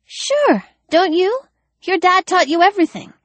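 A woman voicing a chatty, excitable young girl in a breathless, childlike voice. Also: very high-pitched, unhurried, dry recording, pitched above the performer's own voice, exaggerated voice.

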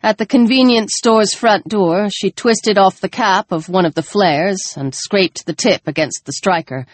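A woman reading a novel aloud in a slow, measured, low-key narration. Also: dry recording. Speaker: audiobook narrator. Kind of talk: scripted narration.

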